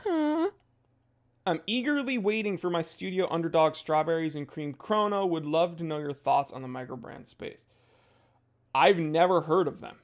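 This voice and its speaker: A young man hosting a casual livestream, reading viewer comments aloud in a goofy, jokey way with sudden loud outbursts. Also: fairly high pitch, animated, moderate pace. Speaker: watch channel host.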